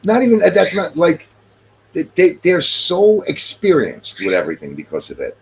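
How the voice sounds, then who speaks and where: A man's voice: a little high, wildly swooping pitch, moderate pace, vocal fry, a little hiss or hum. A middle-aged man in casual chat, talking emphatically and repeating his points.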